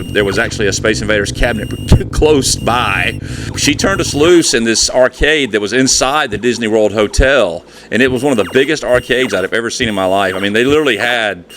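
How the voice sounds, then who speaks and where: A man's voice: fairly low pitch, noisy background. A man, reminiscing in a rambling, folksy way as host of a retro gaming channel. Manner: rambling, chatty, folksy storytelling. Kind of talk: nostalgic casual monologue.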